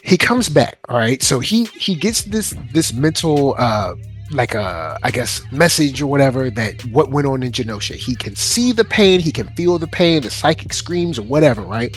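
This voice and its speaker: A man hosting a casual fan chat about a cartoon, animated and joking, acting out characters as he talks. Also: mid-range voice, normal speed, soft background music. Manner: animated, acts out characters in skits. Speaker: podcast host.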